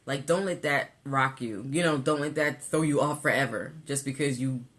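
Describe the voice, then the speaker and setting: A woman co-hosting a casual weight-loss vlog, animated and laughing, tired from a busy week. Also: moderate pace. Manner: animated, laughing, rising pitch when exasperated. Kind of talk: casual chat.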